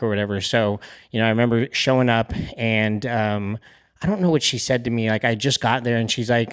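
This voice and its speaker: A man's voice: medium pitch, fairly even intonation, fairly quick, clear, resonant tone, no room sound, studio quality. A young man hosting a podcast, telling a story in a candid, rambling way with many fillers. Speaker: podcast host. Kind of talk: casual conversation.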